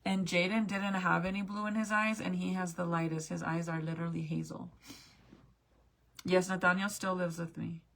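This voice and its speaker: A woman's voice: fairly low pitch, little pitch movement, normal speed, gravelly, fairly bright tone. A young woman chatting casually with viewers as she looks back through old family photos, swearing now and then. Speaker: mom vlogger.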